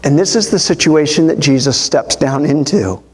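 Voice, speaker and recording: A male pastor preaching a sermon in a church, telling the story in an animated way with quoted voices. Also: fairly high pitch, moderate pace, a little hiss or hum.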